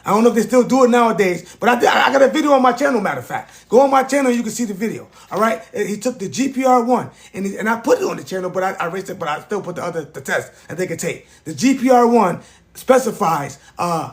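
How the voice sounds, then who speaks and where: A man's voice: high-pitched, animated, fast. A man in his forties, rambling and repeating himself as he hosts a casual live stream and talks straight to his chat. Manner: rambling, repetitive, addresses chat directly.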